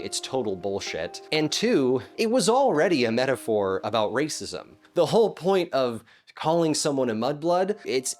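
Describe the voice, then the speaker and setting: A man ranting in casual commentary, swearing often and restarting words as he gets heated. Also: fairly low pitch. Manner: profane, heated, stammering restarts.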